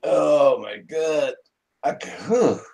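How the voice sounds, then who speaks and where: A man's voice: a little high, animated, slow, creaky, darkish tone, slightly rough. A man co-hosting a live drone chat stream, friendly as he welcomes viewers and sends them off.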